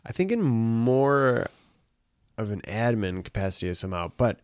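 A man's voice: mid-range voice, expressive, normal speed, clean tone, dry recording, studio quality. A man co-hosting a podcast in casual, rambling chat, laughing often. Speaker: podcast co-host.

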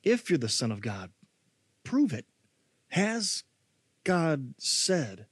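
A man's voice: fairly high pitch, big pitch swings, slow, husky, dry recording, clean studio sound, heavily acted. A preacher voicing a crafty male Satan who goads and needles with sly questions. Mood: taunting.

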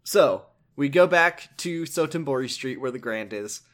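A man's voice: medium pitch, lively intonation, unhurried, a bit bright. A young man casually recapping a video game, rambling and joking with frequent restarts. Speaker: game commentator.

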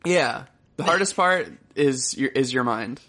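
A man's voice: mid-range voice, lively intonation, unhurried, pushed and bright. A man co-hosting a podcast in casual chat, joking around and swearing casually. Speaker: podcast co-host.

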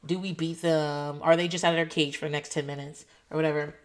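A woman in her thirties telling a story in a casual vlog, animated and profane, acting out what others said. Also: sits low, quick pace. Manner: animated, swearing, quotes others in voices. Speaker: foster parent telling a story.

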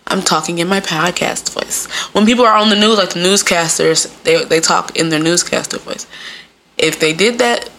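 Animated gravelly-voiced woman podcaster. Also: on the low side, normal speed, a little hiss or hum. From Midwest US. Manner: animated, acting out quoted voices. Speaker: podcast host. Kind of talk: casual comedic monologue.

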